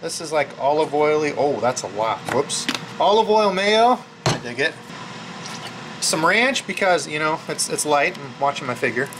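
A man's voice: on the high side, very animated, normal speed, noisy background. A man hosting a fishing channel, narrating a casual cooking vlog in his home kitchen. He talks loosely and jokes as he cooks.

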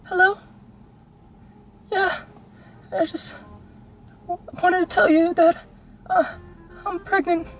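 Young guy in falsetto as a weepy girl on a phone call, halting, sobbing, very high. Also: level tone, soft background music. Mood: tearful. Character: tearful young woman on the phone.

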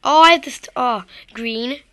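A woman's voice: a little high, moderate pace, fairly bright tone. A woman giving rambling, self-deprecating gameplay commentary straight to her viewers. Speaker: gaming video creator.

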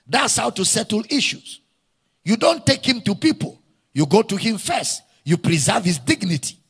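A man's voice: sits high, vocal fry, fairly bright tone, breathy edge. A man with a Nigerian accent, preaching a sermon to a congregation, leading call-and-response and repeating key phrases for emphasis. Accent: Nigerian English. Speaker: pastor. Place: church hall. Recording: reverberant church hall.

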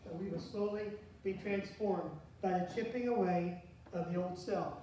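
Pastor, conversational sermon, questions to the congregation, booming church echo, distant mic. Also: a little mellow. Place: church sanctuary. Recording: very echoey church from far off, faint hiss.

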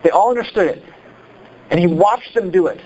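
A pastor from Iowa with a Midwestern accent, preaching a sermon in an animated, conversational way full of rhetorical questions. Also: male voice, high voice, brisk, muffled recording. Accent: Midwestern American.

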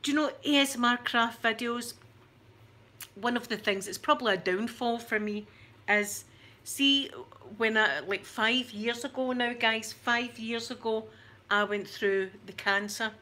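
A woman's voice: a little high, a little slow, pushed and bright. A woman in her forties with a thick Scottish accent, chatting to her camera in a rambling, self-mocking way. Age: 40s. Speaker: YouTuber.

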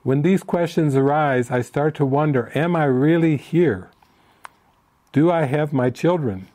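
A man's voice: a little high, measured pace, warm tone. A man leading a spiritual retreat session in an informal way, answering participants' questions and telling stories in which he acts out the people he quotes.

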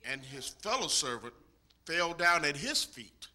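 A man's voice: on the high side, big pitch swings, measured pace, pushed and bright. A man reading scripture aloud verse by verse during a sermon, answering the preacher with "yes, sir". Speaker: scripture reader.

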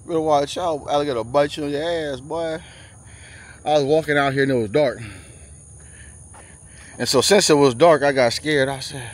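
Guy vlogging on a walk outside, pretty high voice, loud preachy rant, kinda out of breath. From USA. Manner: loud, preachy rants with frequent laughs. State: sweaty and out of breath from walking. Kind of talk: walking vlog monologue. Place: outdoors on a trail by a bayou. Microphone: handheld camera while walking.

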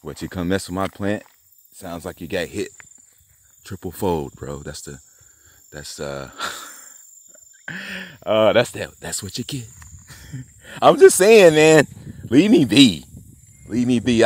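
A man's voice: on the low side, no echo. A man vlogging outdoors by a garden plot, rambling, swearing and laughing as he taunts someone. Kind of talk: rambling outdoor vlog rant.

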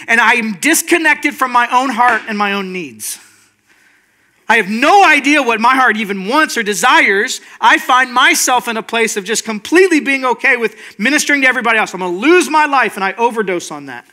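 A man's voice: extremely high pitch, lively intonation, fairly quick, bright, forceful tone. A male pastor giving a casual, earnest sermon, often checking in with his listeners. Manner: informal, earnest, checks in with "right?". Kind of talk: conversational sermon.

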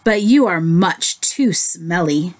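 A woman's voice: fairly low pitch, expressive, slow pace. A woman voicing a kindly but insistent female bear in a children's story, in a sing-song way.

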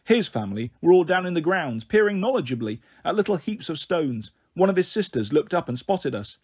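A man reading a novel aloud in an expressive storybook style, giving voice to the characters' dialogue. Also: fairly high pitch, fairly quick, few pauses, slightly rough. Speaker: audiobook reader.

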